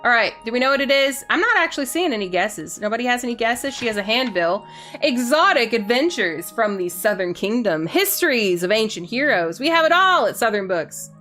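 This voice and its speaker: A woman's voice: on the high side, sing-song, a little fast, bright, forceful tone, faint music behind. A woman streaming a video game, chatting playfully and a bit silly with her viewers as she plays. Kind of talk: casual gaming stream chat.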